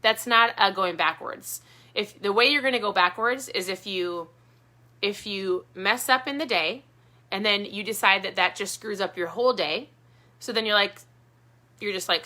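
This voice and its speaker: Bright-voiced woman giving a pep talk. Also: mid-range voice, normal speed. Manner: earnest, encouraging, repeats points. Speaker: keto vlogger. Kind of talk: motivational talk to viewers.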